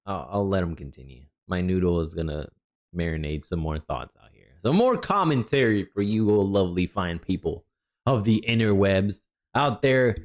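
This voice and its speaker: A jet-lagged male streamer giving relaxed, rambling reaction commentary with chatty asides. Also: low-pitched, normal speed. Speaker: streamer reviewing a developer stream.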